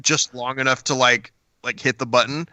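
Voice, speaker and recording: A man's voice: medium pitch, steady tone, moderate pace, pushed and bright, dry recording. A middle-aged man co-hosting a podcast, telling stories with laughs and false starts. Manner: laughing storyteller, trips over starts. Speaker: podcast co-host. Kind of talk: casual chat.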